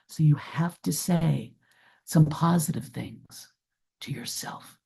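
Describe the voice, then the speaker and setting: A woman's voice: deep voice, takes it slowly, vocal fry, mellow, slightly rough. A woman giving an earnest, reflective talk as a guest presenter, repeating her key phrases for emphasis. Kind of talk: webinar talk and Q&A.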